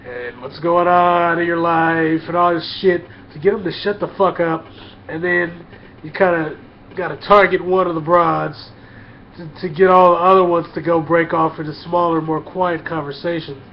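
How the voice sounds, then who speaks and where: A man's voice: fairly high pitch, steady tone, moderate pace, slight background noise. A man delivering a crude, blunt comedic rant in casual talk, often repeating himself and stumbling over words. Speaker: vlogger. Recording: dull lo-fi.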